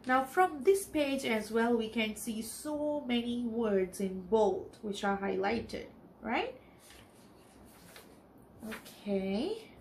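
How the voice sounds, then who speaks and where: A woman teacher from the Maldives reading a storybook aloud for a children's TV lesson, pausing to explain the text. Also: on the high side, a little hiss or hum. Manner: expressive, explains as she reads.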